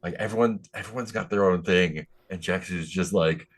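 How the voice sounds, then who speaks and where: A man's voice: low voice, normal speed. A man rambling in casual chat after a tabletop game session, chuckling often.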